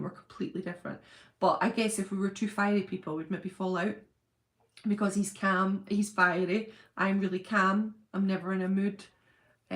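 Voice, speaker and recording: Giggly, chatty woman host. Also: mid-range voice. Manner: chatty, giggly, talks to viewers by name. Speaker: channel host. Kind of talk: casual livestream chat reading viewer comments.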